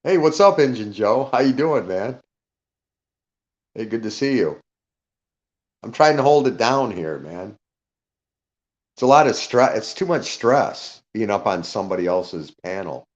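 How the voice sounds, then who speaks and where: A man's voice: on the low side, expressive, measured pace, long pauses, dull audio. A man speaking as a guest on a live audio panel in casual chat, rambling, greeting listeners by name and checking he caused no offence.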